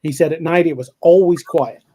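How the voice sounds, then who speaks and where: A man's voice: fairly high pitch, brisk, warm tone. Rambling American man hosting a podcast. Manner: rambling and self-correcting, with frequent restarts. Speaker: podcast host. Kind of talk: casual live-stream chat reading viewer comments.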